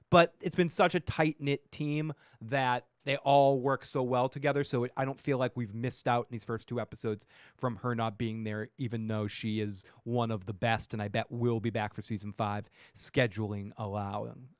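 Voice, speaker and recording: A Massachusetts man with a Boston accent hosts a podcast, reviewing a TV episode in loose, profane, rambling talk that keeps trailing off and starting over. His medium-pitched voice is clear and resonant, recorded with studio quality and no echo.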